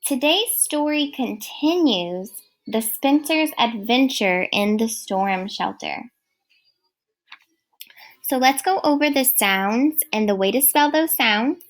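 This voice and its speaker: A woman teaching a recorded first grade phonics lesson, speaking clearly and praising often. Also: a little high. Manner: slow, clear, encouraging teacher talk.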